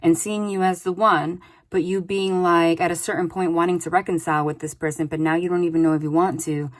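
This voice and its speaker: A woman whose voice is on the low side, with little pitch movement, speaks a little fast while doing a casual tarot reading. She's chatty and loose, often adding "like" and "okay?".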